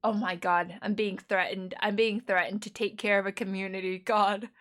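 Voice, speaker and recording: A woman's voice: mid-range voice, flat delivery, normal speed, a bit bright. Young American woman streamer, giggly and talkative, casual chat. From United States. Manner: chatty, giggly, rambling.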